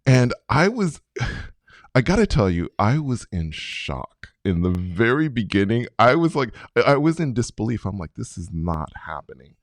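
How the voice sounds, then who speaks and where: A man in his fifties, a podcast guest telling a personal story in an animated way and acting out his own past reactions. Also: medium pitch, unhurried, no echo, studio quality. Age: 50s.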